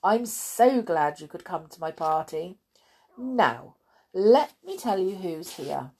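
A woman's voice: fairly low pitch, very animated, slow, a little mellow, breathy edge, heavily acted. A woman voicing a kindly, cheerful little man who comforts a child.

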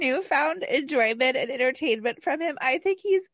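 Bubbly woman co-host, slightly high voice. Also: expressive, normal speed, fairly bright tone, no echo, studio quality. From New Jersey. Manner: bubbly, laughs often. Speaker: podcast co-host. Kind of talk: casual chat.

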